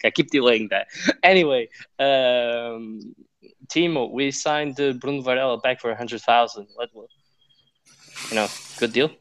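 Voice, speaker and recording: A man hosting a casual football podcast in a middle-pitched voice. He moves the talk from topic to topic, filling gaps with ums and yeahs. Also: a bit bright, highs cut off. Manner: steers the talk between topics with frequent fillers. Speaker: podcast host. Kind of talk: casual chat.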